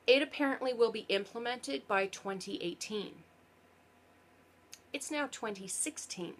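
A woman's voice: a little high, unhurried, slight background noise. A parent and vlogger talking through a frustrating topic in a casual explainer vlog. She is earnest and sarcastic, and often stops to correct herself mid-sentence. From Canada.

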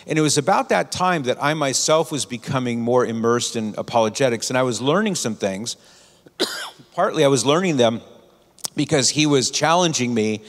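Earnest man speaking in a big hall. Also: mid-range voice. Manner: storytelling, earnest advice. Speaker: conference speaker. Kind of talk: conference talk. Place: conference hall.

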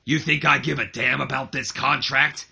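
Scornful older company owner, put on by a male narrator, yelling with a bright edge. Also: medium pitch, fairly even intonation, normal speed, vocal fry, breathy edge, exaggerated voice. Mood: furious scornful. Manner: shouting, scornful.

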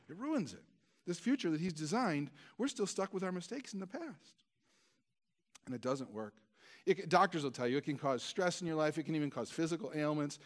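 A male pastor with a somewhat high voice preaches a storytelling sermon in a conversational, self-deprecating style. He stammers and restarts many times.

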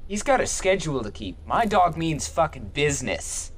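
A man's voice: a little high, big pitch swings, normal speed, slight background noise. A young man doing let's play commentary, goofy and joking, swearing as he plays. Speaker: gaming youtuber.

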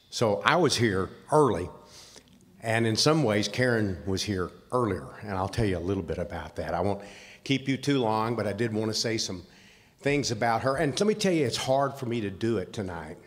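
A man's voice: lowish voice, expressive, moderate pace. An older man with a Southern US accent, speaking at an awards ceremony in a plainspoken, folksy storytelling manner. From Southern United States. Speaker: award recipient speaking for his wife. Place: large convention hall. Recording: reverberant hall sound.

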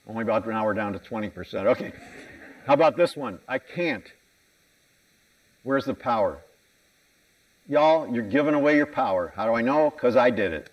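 A man's voice: medium pitch, lively intonation, fast, highs cut off. Man, american, conference keynote, candid, self-mocking, slightly distant mic. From United States. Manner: candid, self-mocking, conversational with audience questions. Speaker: conference speaker. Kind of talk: keynote talk. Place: conference hall stage.

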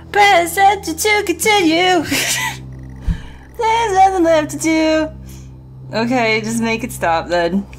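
A woman streaming a horror game, reacting with jittery swearing and nervous laughter and reading game text aloud. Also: fairly high pitch. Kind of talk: live gameplay commentary.

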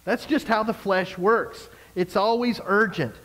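High-voiced pastor preaching conversationally. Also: male voice, measured pace, few pauses, a bit bright, poor audio. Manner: conversational, emphatic preaching with repeated phrases. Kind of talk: sermon. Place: church service.

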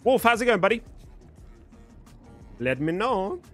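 A man's voice: high-pitched, very animated, unhurried, a bit bright, soft background music. Chatty British young man streaming live. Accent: British English, mostly neutral. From Birmingham, England. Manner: chatty, thanks viewers and reads out chat. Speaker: streamer host. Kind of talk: casual live-stream chat.

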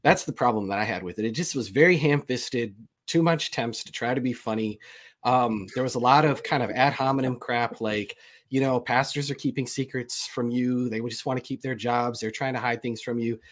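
A man's voice: mid-range voice, brisk. A man speaking as a guest in a casual panel chat over a video call, blunt and candid, rambling a little.

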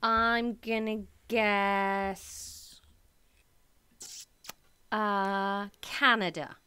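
A woman's voice: mid-range voice, flat delivery, very slow, sharp tone, smooth. A woman in her thirties co-hosting a podcast, trading playful, teasing banter in casual chat. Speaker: podcast co-host.

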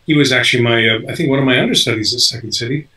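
A man's voice: mid-range voice, racing, sharp tone, recorded from a distance, low-quality recording. An older man, an actor being interviewed, talking casually with lots of fillers and restarts. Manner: rambling, many fillers and restarts. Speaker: actor guest.

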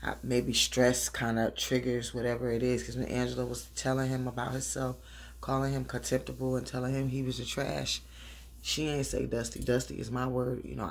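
A woman's voice: a bass voice, vocal fry. A middle-aged woman recapping a TV episode in a chatty, slangy way, dancing around while she talks.

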